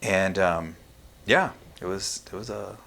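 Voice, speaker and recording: Low-voiced man telling a story frankly. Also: vocal fry, fairly bright tone, slight background noise. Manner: frank and profane, halting with many fillers. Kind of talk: casual podcast storytelling.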